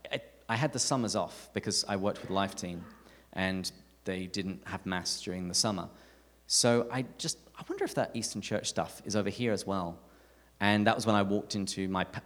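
A man with an English accent giving a live talk to an audience, telling stories with animated, self-mocking humour. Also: low voice. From England. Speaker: speaker at a parish talk night. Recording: echoey hall reverb.

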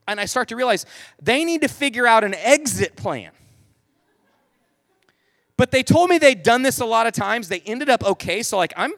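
A man's voice: sits high, fairly bright tone, no room sound. A man in his forties telling a humorous family story to an audience, chatty and self-mocking, leaning on "like" a lot. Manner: loose, chatty, self-mocking, heavy use of "like".

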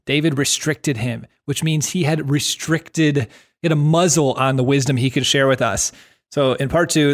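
Man, mid-pitched voice, podcast co-host, eager and animated. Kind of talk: casual chat.

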